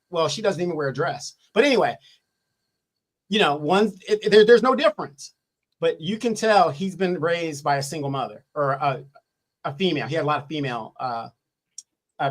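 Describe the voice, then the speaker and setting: A man's voice: fairly high pitch, fairly bright tone. A man giving opinionated political commentary, repeating his points and asking rhetorical questions. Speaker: co-host or guest commentator.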